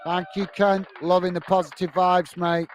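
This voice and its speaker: A man's voice: sits high, little pitch movement, moderate pace, slight background noise. A man hosting a live football watch-along, chatting casually between match commentary and reading viewers' messages, with rambling self-corrections and a friendly "mate" manner.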